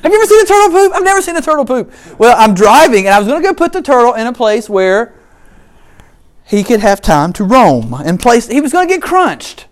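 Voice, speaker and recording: A man's voice: very high-pitched, brisk. A middle-aged man preaching a sermon, telling stories with humor and asides. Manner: animated storytelling with humor and asides. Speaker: pastor.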